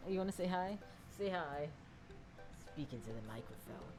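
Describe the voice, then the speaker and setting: Low-pitched lady streamer, goofy and giggly, swears a lot, faint music under her. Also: expressive, normal speed. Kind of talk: casual live-stream commentary.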